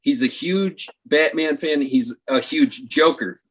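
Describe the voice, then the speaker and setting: A man's voice: a little high, slow, slightly rough. A man who is a guest on a podcast, chatting casually and telling a rambling story in an easygoing way. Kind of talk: casual chat.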